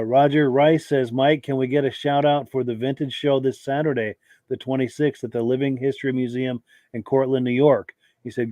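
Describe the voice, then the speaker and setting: A man's voice: medium pitch, a little mellow, no room sound. A man hosting a live podcast, reading out viewer comments in an easygoing way with frequent filler words. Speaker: podcast host.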